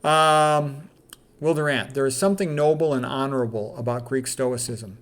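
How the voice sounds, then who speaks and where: A man's voice: mid-range voice, normal speed. A middle-aged man, a doctor, reading quotes aloud and commenting on them in a candid, casual way with plenty of fillers.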